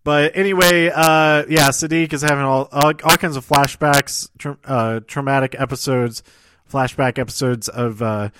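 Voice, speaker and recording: A man's voice: medium pitch, fairly even intonation, background noise. Rambling man recapping an episode. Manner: rambling, halting with many fillers and restarts; self-deprecating and chuckling asides. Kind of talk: casual spoken recap.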